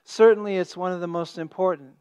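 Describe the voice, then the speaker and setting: A man preaching a sermon as pastor, stressing key words and dropping to a hush at the ends of phrases. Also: high-pitched, fairly even intonation, fast talker, smooth. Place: church sanctuary.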